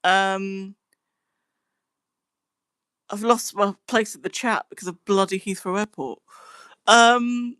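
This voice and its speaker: A young woman chatting casually on a live stream, answering her chat in a relaxed way. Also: mid-range voice, slow, pauses often, smooth, dry recording. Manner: chatty, giggly, breaks into laughing fits.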